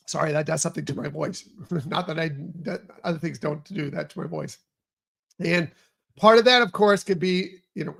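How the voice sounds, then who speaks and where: A man's voice: sits high, gravelly, a bit bright. A man hosting a morning podcast in upbeat, rambling casual chat. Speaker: podcast host.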